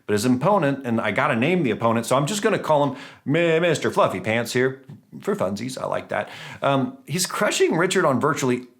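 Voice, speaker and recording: A man's voice: big pitch swings, fairly quick. Chatty guy doing game commentary, voice bounces all over, jokey and self-mocking. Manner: chatty, self-mocking, playful pitch jumps. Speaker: gaming channel host.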